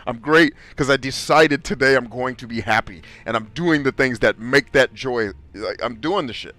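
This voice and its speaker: A man's voice: medium pitch, normal speed, sharp tone, no echo. A middle-aged man hosting a podcast, talking in a blunt, profane, emphatic way in casual chat. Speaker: podcast host.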